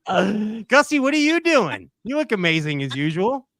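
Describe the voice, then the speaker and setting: Upbeat male host, animated pitch, ribbing guests on a video call. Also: normal speed, dry recording. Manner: lively, teasing, laughs often. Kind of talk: casual chat.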